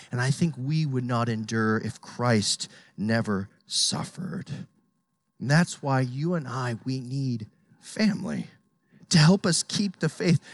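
A preacher giving an impassioned, emphatic sermon, swinging from hushed to loud. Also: medium pitch, no room sound.

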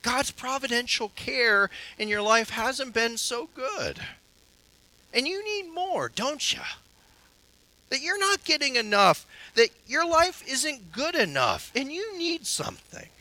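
Sly tempter spirit, as a preacher puts him on. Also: male voice, very high voice, big pitch swings, slow, bright, forceful tone, pitched above the performer's own voice, exaggerated voice. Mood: coaxing. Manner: wheedling, insinuating questions.

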